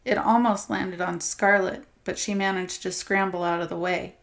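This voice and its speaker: A woman narrator reading a horror anthology story with steady, dramatic storytelling. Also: on the low side, moderate pace.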